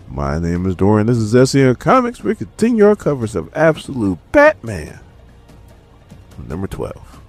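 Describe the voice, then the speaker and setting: A man's voice: mid-range voice, huge pitch swings, normal speed, no echo, soft background music. A man casually recapping a comic issue, laid-back and slangy as he tells the story. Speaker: comic book reviewer.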